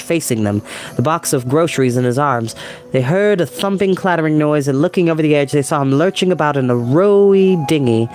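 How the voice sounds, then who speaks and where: A man narrating a children's novel aloud, measured and expressive, with a voice pitched a little above the usual for a man. Soft music sits faintly behind him. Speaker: storyteller.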